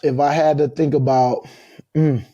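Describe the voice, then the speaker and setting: A man in his thirties chatting casually as a podcast guest, loose and drawling, breaking into high loud laughs. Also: fairly even intonation, unhurried, no echo, lo-fi sound. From United States. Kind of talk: casual chat.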